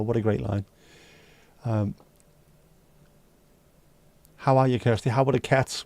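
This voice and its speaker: A man's voice: medium pitch, fairly even intonation, normal speed, vocal fry, pauses often, dark tone. A man hosting a live stream, chatting casually and joking with viewers as he reads their messages. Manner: chatty, joking, banters with chat and sings snatches. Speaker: livestream host reading chat. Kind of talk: casual chat.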